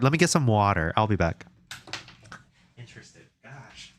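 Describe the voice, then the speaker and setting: A man's voice: lowish voice, sing-song, measured pace, long pauses. A young man streaming game development from home at a desk mic, chatting casually, reading chat aloud and joking about himself. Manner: rambling, reads chat aloud, self-deprecating jokes. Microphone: desk microphone.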